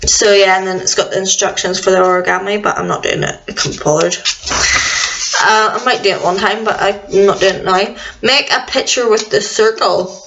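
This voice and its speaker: A woman's voice: medium pitch, steady tone, brisk, noisy background. Chatty young woman, lo-fi home video. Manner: rambling, chatty, self-deprecating. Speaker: vlogger. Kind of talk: casual chat. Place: at home indoors.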